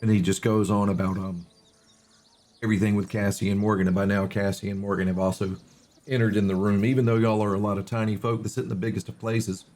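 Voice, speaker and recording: A man narrating a tabletop game as game master in a relaxed way, with many fillers. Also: on the low side, quick pace.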